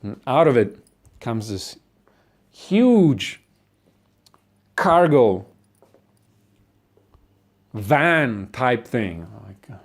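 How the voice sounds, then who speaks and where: A man's voice: mid-range voice, big pitch swings, drawn-out words, pauses often. Profane, sardonic ranting man. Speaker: monologuist. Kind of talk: comedic philosophical rant.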